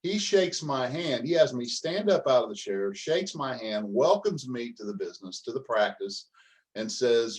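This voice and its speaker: A man's voice: mid-range voice, lively intonation, moderate pace, low-quality recording. An older man, a business coach, telling a story in a folksy, humorous way during a motivational talk.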